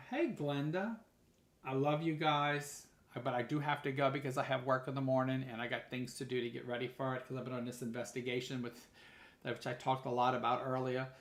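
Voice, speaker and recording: A man's voice: mid-range voice, creaky, reverberant. A man hosting a live podcast, chatting casually and telling stories with lots of restarts. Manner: chatty storytelling with many restarts. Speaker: podcast host and medium. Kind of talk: casual live-stream chat.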